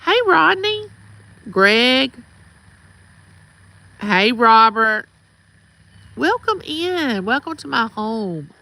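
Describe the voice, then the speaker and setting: Her voice sits on the high side, sing-song and extremely slow, gravelly, with long pauses and a bright, forceful tone. She is a middle-aged Mississippi woman with a Southern accent chatting casually on a livestream outside her home and greeting viewers by name. The recording is rough.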